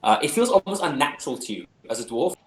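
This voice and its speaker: A man's voice: medium pitch, big pitch swings, fast, reverberant, poor audio. A man running a tabletop game, describing the scene in a rambling, chuckling way. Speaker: game master.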